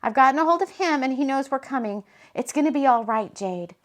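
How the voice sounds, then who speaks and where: A woman voicing a female Reiki healer, speaking in a soothing, steady, reassuring way. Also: sits high, fairly quick. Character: calm, caring female Reiki healer friend.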